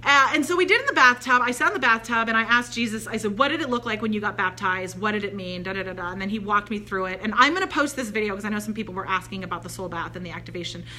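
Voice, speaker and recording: A woman's voice: medium pitch, racing, few pauses, a little hiss or hum. A woman telling a spiritual story in a casual, chatty way, acting out the voices of the people in it. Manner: chatty, animated, quotes voices in her anecdotes. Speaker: spiritual channeler.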